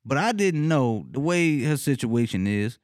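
A man casually telling a funny personal story, cursing freely, laughing often and leaping up in pitch when he retells his reactions. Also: sing-song, a little slow, a little mellow, no room sound, studio quality. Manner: laughs often mid-sentence.

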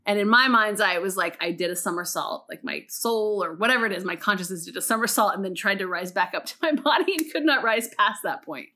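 A woman in casual chat, telling an animated story with lots of swearing and fillers. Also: medium pitch, fast talker, hardly any pauses.

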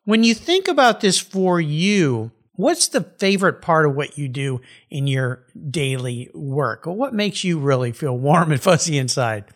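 A man's voice: a little high, expressive, measured pace, hardly any pauses. A man hosting a podcast interview, talking in an enthusiastic, emphatic way. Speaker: podcast host. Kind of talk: casual interview chat.

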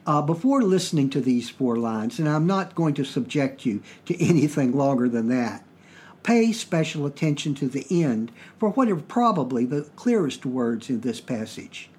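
A man from Virginia with a Southern US accent, hosting a podcast and explaining things in plain, measured talk. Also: mid-range voice, expressive, a little mellow, breathy edge. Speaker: podcast host.

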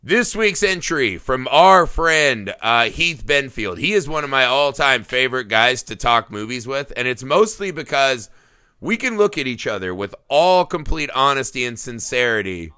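Male podcast host, casual, swears a lot, sharp tone, crisp delivery. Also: mid-range voice, lively intonation, normal speed, no room sound, clean studio sound. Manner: loose, joking, swears often. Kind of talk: casual movie podcast chat.

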